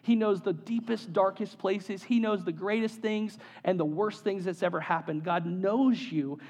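Earnest pastor with a high voice, echoing hall. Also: male voice, moderate pace, a little mellow. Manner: earnest, repeats key phrases for emphasis. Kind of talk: sermon.

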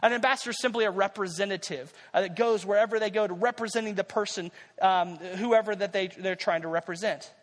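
A man's voice: high voice, a little fast, few pauses, big-room sound. A man preaching a sermon as pastor, conversational and repeating key phrases for emphasis.

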